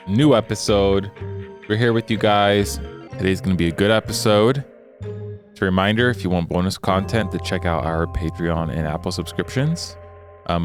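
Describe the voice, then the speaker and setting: A young man co-hosting a podcast, chatting casually in a rambling, jokey way. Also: on the low side. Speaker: podcast co-host. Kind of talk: casual chat.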